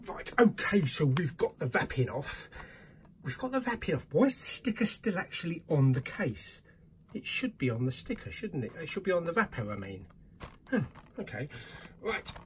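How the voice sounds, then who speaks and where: A man's voice: a little high, normal speed, slight background noise. A British man hosting a casual unboxing vlog, joking and grumbling in mock exasperation at what he pulls out. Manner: expressive, mock-exasperated, jokey asides. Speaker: vlogger reviewing bargain-bin films.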